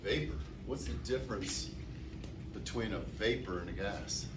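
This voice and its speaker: A man with a fairly low voice delivers a chemistry lecture at a moderate pace, putting questions to the class and answering them on his own. It's recorded from far off in an echoey classroom and is very noisy.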